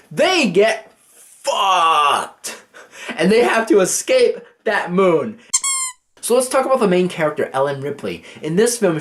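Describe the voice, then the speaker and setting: A man casually reviewing a movie, swearing freely as he retells scenes. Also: on the high side. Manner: casual and profane, acting out scenes.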